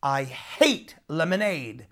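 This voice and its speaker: A woman voicing a grumpy male water demon who shouts and roars, in a storybook reading. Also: low voice, very animated, takes it slowly, exaggerated voice. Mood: furious. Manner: shouting and roaring.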